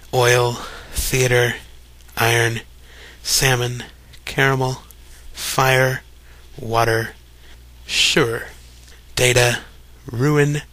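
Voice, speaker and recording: A man's voice: medium pitch, dry recording. A young man from Kentucky with a light Kentucky accent, chatting casually and reading a word list aloud for a voice meme. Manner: relaxed, chatty, reads words one by one.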